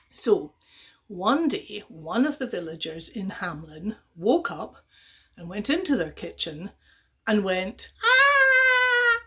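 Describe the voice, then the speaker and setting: A middle-aged woman telling a traditional story to young children in a gentle, chatty way, with fillers and little voiced exclamations. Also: mid-range voice.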